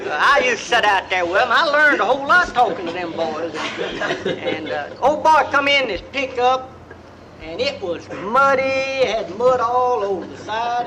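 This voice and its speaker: A middle-aged man with an East Texas drawl works through a folksy comic yarn and drops into the voices of the people in it. His voice sits fairly high, and faint noise hangs under the live album recording. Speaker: storytelling comedian.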